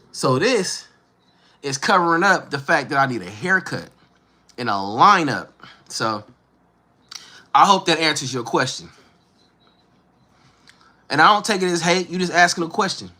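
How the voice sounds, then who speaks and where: A man's voice: mid-range voice, bright, forceful tone. A man in his thirties from Northern California with a Northern Californian accent, chatting casually and slangily with viewers on a livestream. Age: 30s. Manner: laid-back, slangy, talks straight to viewers. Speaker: livestream host. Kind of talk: casual live chat answering viewers.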